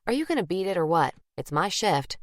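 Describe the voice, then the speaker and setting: A tense, guilt-ridden female profiler, quick to defend herself, as a woman narrator voices her. Low-pitched and dry, close to the mic in an audiobook. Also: sing-song, no echo.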